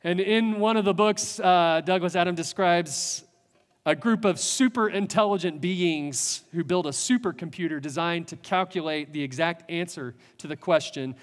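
A man preaching a sermon as a pastor, earnest, building with rhetorical questions and pauses. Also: high-pitched, big-room sound.

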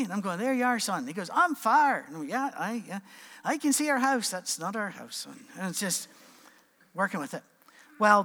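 Middle-aged pastor, a comic storyteller who acts out voices; slightly high voice in a reverberant hall. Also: male voice. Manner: animated storyteller, acting out voices. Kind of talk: sermon with humorous storytelling.

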